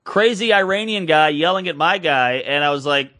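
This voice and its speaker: A man's voice: on the high side, expressive, moderate pace, pushed and bright. A man, a podcast co-host telling a casual story and acting out the people in it.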